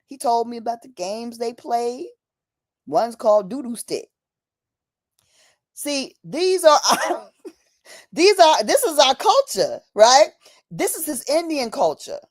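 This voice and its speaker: Speaking slowly and pausing often, this woman's slightly high voice swings widely in pitch. On her dry, close streaming mic, the host preaches passionately, addresses her audience as "honey," and performs the voices she quotes.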